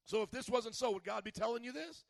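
A male pastor preaching a sermon, asking the congregation questions and building up to shouts. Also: very high voice, quick pace, gravelly, no room sound. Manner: preachy call-and-response questions, rising to shouts.

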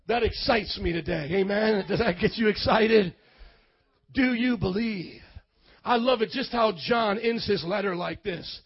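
A male pastor preaching a sermon in a church, shouting emphatically and calling for amens. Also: high voice, a little slow, breathy edge, lo-fi sound. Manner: emphatic, shouting, call-and-response.

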